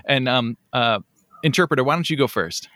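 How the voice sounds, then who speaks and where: A man hosting a casual podcast interview, telling stories in an animated, joking way. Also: medium pitch, a little fast, no room sound. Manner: animated, jokey storyteller. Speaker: podcast host.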